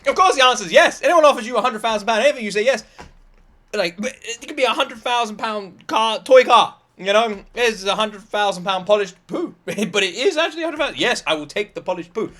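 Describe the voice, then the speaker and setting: A man with a British accent giving casual reaction commentary, excitable and swearing often. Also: high voice, a little fast. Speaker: reaction video host.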